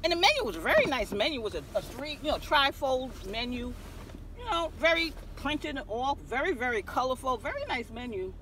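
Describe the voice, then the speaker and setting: A woman vlogging from her car, telling a story in an animated way and acting out the dialogue. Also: sits high, a little fast, background noise. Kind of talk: car vlog rant. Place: inside a parked car.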